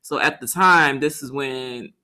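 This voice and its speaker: Brief: bright, animated woman podcast co-host, laughing storyteller, casual chat. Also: very deep voice, unhurried.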